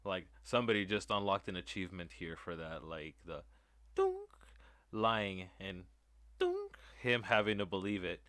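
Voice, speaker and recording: A man's voice: deep voice, very animated, normal speed, fairly bright tone, no echo, clean studio sound. A man hosting a reaction stream, mocking a reality show with rambling sarcastic asides. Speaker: host reacting to a video. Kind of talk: casual sarcastic commentary.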